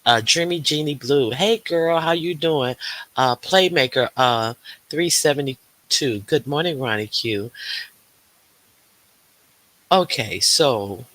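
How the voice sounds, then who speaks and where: Man, livestream host, casual chat, slow pace, bright edgy voice, many ums and uhs. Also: mid-range voice. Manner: greets viewers by name, chatty with many fillers.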